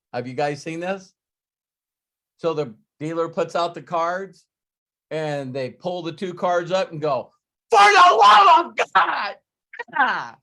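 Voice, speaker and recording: A man hosting a group video call, telling casual stories and acting out other people's voices with energy. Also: fairly high pitch. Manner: animated, acts out gamblers' voices. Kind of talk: casual storytelling to a live call.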